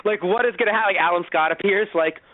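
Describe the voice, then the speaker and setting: Brief: male podcast co-host, animated and profane, slightly high pitch, tinny dry lo-fi sound. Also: racing, dry recording. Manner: animated, profane, acts out mock dialogue. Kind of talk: casual chat, movie review.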